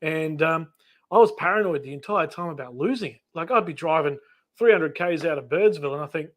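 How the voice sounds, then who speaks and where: A man's voice: on the high side, a little fast, fairly bright tone. Chatty Australian man hosting a live chat. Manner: chatty, laughs easily, acts out little dialogues. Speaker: channel host. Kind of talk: casual live stream chat.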